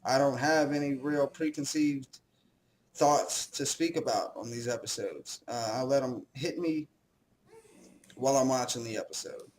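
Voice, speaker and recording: A man's voice: mid-range voice, a little slow, a little hiss or hum, poor audio. Rambling young man, casual commentary. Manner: rambling, self-deprecating, swears casually. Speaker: host.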